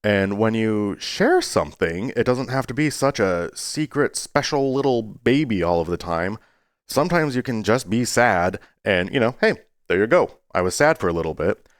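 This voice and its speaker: A man talking to his viewers in a casual, rambling way, earnest but playful, with sudden jumps into a high voice. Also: lively intonation, normal speed, no room sound, studio quality. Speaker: YouTuber. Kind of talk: casual talking-to-camera monologue.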